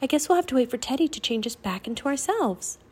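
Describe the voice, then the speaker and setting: A woman voicing an eager young girl turned into a raven in a storybook reading, talking in a high, coaxing way. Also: expressive, quick pace, a little mellow, husky.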